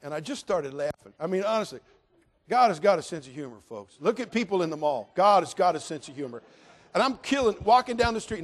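A male preacher tells a personal story from the pulpit. His voice sits a little high for a man. He swings from loud, worked-up bursts to hushed, confiding prayer. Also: quick pace. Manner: animated storytelling, swinging from loud outbursts to quiet prayerful asides. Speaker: pastor.

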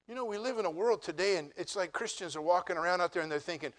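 A man preaching a sermon as pastor, moving from quiet, joking asides to loud, emphatic declarations. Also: high voice, lively intonation, fast talker. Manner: humorous, conversational storytelling.

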